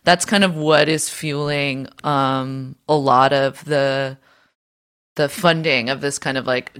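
A woman's voice: very deep voice, fairly even intonation, takes it slowly, a bit bright, clean tone. A woman co-hosting a podcast, explaining ideas at length in a casual, swearing way full of fillers and restarts. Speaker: podcast co-host. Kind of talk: casual political discussion.

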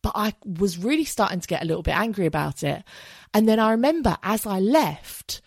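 A woman's voice: medium pitch, expressive, brisk, slightly rough, no echo. An English woman in her thirties hosting a solo podcast, talking candidly and chattily and swearing freely. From England. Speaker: podcast host. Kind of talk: casual solo podcast monologue.

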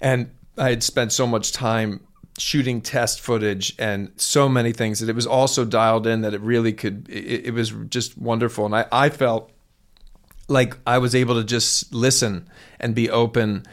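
A man's voice: mid-range voice, steady tone, moderate pace. A man who directs and acts, talking as an interview guest, eager and rambling with frequent restarts. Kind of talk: candid interview talk.

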